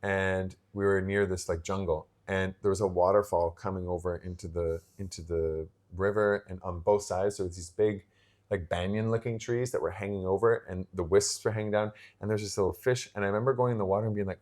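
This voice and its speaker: Low-voiced man telling travel stories. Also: fairly even intonation, a little fast, a little mellow. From Pacific Northwest coast. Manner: reflective, storytelling with many fillers and restarts. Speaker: podcast co-host. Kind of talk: casual chat.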